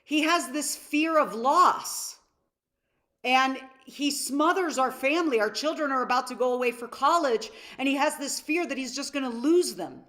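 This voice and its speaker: High-voiced woman coaching a live masterclass. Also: expressive, moderate pace, pushed and bright. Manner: storytelling, asks audience questions, acts out quotes. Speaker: seminar coach.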